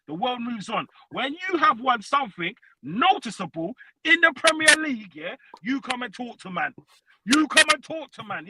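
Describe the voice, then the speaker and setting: A man calling in to a fan show, trash-talking loudly and profanely, peppering every line with tags like "you know what I'm saying". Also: very high voice, very noisy. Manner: loud, profane trash talk with constant tags. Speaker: caller. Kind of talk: heated fan call-in rant.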